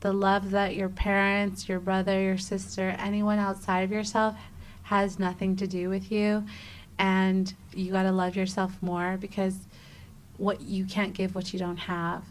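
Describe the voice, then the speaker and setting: A woman in her thirties, a guest on an interview show, telling a personal story with lively energy and acting out the dialogue. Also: mid-range voice, measured pace, a little hiss or hum, rough recording. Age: 30s. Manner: animated, acts out quoted dialogue with many "like"s. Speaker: guest, travel writer.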